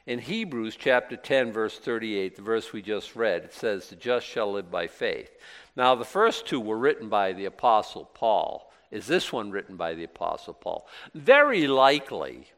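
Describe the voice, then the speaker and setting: A man's voice: lowish voice, very animated, normal speed. A man giving a sermon as pastor, conversational and emphatic, asking questions and answering them himself. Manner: conversational, rising to emphatic bursts then dropping soft.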